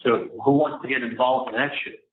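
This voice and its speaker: A man's voice: medium pitch, fairly even intonation, brisk. A man on a recorded phone call, rambling through a long, aggrieved account of a dispute. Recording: tinny, echoey phone line with faint noise.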